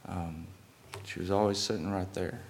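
A hoarse man preaches in a church, his voice sitting fairly low. He talks haltingly, with many fillers and restarts. Faint background noise runs under the recording. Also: fairly even intonation. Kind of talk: sermon.

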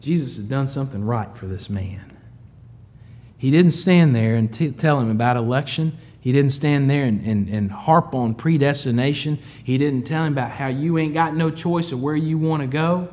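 A man preaching a sermon, moving from quiet, low storytelling to loud, emphatic high peaks. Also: moderate pace. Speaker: pastor.

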